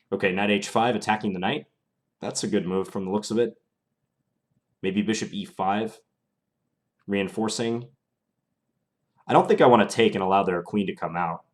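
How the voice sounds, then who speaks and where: Calm, low-voiced man commentating chess. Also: unhurried, pauses often. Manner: thinking aloud, calm and analytical. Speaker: chess streamer.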